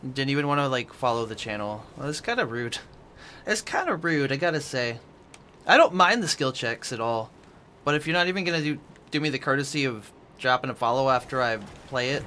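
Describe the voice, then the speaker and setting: A man's voice: mid-range voice, lively intonation, moderate pace, pauses often, sharp tone, a little hiss or hum. A man streaming at home from his apartment, casually chatting with viewers and answering their chat messages aloud as he plays.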